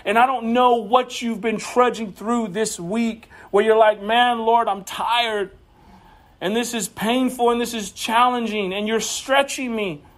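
High-voiced man preaching a conversational sermon. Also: fairly even intonation, a little slow, fairly bright tone. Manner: conversational storytelling, often repeating words. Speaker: pastor. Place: church.

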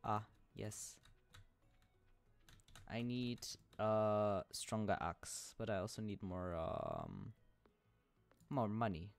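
A man talks his way through a game stream at an unhurried pace, his voice rough with a gravelly fry. He hums and chants small sing-song phrases about his chores, muttering playfully to himself in a relaxed, casual way. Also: on the low side, soft background music.

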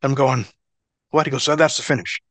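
A man's voice: mid-range voice, quick pace, no echo. A middle-aged man and former pro wrestler telling stories in a casual interview, swearing freely and laughing as he goes. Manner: profane, animated, laughs through stories.

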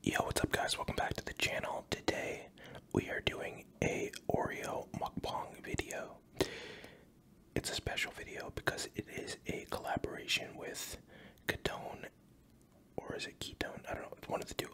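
A man's voice: moderate pace, fairly bright tone. A man with a Canadian accent whispering a casual, jokey ASMR mukbang intro into a close microphone, rambling with ums.

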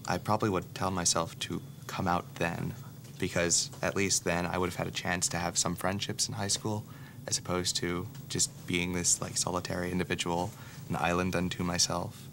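A young man speaks in a very deep, gravelly voice, almost completely flat in pitch. He reflects hesitantly with many fillers. Clear background noise runs under him. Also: moderate pace. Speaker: interviewee. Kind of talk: reflective interview answer. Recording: noisy background.

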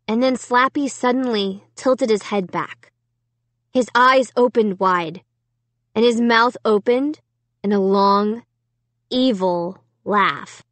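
A woman narrating a children's horror story in the first person with a dramatic, expressive reading. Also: a little high, slow, no echo. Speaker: audiobook narrator.

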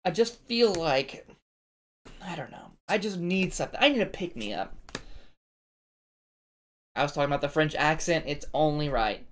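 Lively, low-voiced woman opening cards. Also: moderate pace, long pauses, slight background noise. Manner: chatty and self-deprecating, talks to viewers. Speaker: card-opening channel host. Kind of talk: casual chat while opening card packs.

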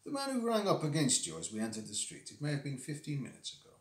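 A cool, analytical French gentleman detective, as a man puts him on, with a clumsy mock-French accent. He speaks in a measured, self-assured way, his voice a little high and rising and falling freely. The sound carries a roomy echo. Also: huge pitch swings. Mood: explaining. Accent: poor imitation French.

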